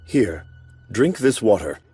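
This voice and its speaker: A man voicing a calm, emotionless golem lord in an anime dub, speaking slowly and solemnly. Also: fairly low pitch, breathy edge, faint music behind, full character voice. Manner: slow, measured, solemn.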